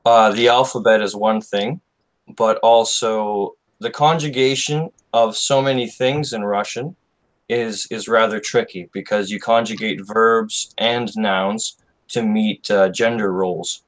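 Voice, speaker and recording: A man speaking as a native English co-host in a casual chat, relaxed and joking at times. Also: fairly low pitch, unhurried, low-quality recording.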